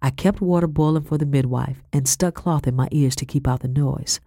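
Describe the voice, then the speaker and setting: A woman reading a first-person historical story aloud, in measured storytelling with old-fashioned phrasing. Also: low-pitched, warm tone, no echo, studio quality. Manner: measured storytelling with period speech. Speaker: audiobook narrator. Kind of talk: scripted narration in first person.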